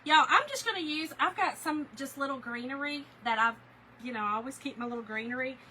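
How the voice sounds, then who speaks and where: A woman with a high, bright voice chats animatedly with her livestream viewers, calling them y'all and girl as she crafts. She sounds close to the mic in a home craft room, with faint noise in the background. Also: fairly quick, low-quality recording. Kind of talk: casual chat while crafting, reading viewer comments.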